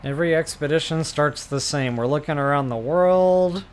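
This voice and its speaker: A man talking to his viewers in a relaxed, chatty way while he plays a game live. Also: on the high side, normal speed. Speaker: game streamer. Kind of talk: live gameplay commentary.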